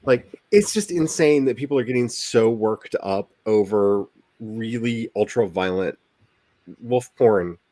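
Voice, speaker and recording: A man's voice: lowish voice, measured pace, mellow, no echo. Chatty man hosting a livestream. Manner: chatty, self-deprecating, rambling. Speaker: livestream host. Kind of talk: casual chat.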